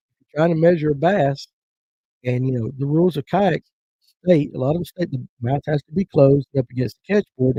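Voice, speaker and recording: A man hosts a casual fishing livestream, reading comments aloud and joking his way through them in folksy banter. His voice sits a little high but sounds mellow and slightly husky. The stream audio is dry and dull, lo-fi. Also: dry recording. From Georgia.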